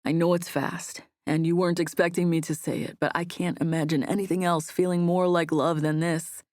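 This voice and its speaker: A woman voicing a confident, affectionate young man who talks gently and teases in an audiobook romance. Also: on the low side, level tone, fairly quick, dry recording, clean studio sound, lightly acted. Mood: tender. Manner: gentle, teasing. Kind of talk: audiobook dialogue.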